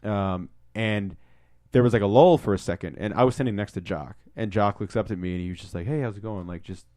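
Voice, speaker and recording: A young man co-hosting a podcast, telling stories in a casual, excitable way, swearing often and acting out what people said. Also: fairly low pitch, brisk, no room sound, studio quality. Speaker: podcast co-host. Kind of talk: casual storytelling chat.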